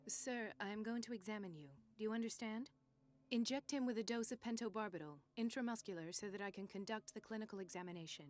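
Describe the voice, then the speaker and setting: An actress playing a calm, authoritative psychiatric doctor with a measured, clinical way of speaking. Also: female voice, mid-range voice, lightly acted.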